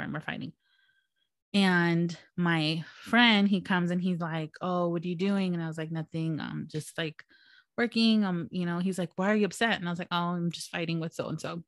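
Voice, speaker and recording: A young woman co-hosting a casual chat podcast, telling stories in an animated way, acting out quotes and swearing freely. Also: fairly low pitch, dry recording, clean studio sound. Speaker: podcast co-host.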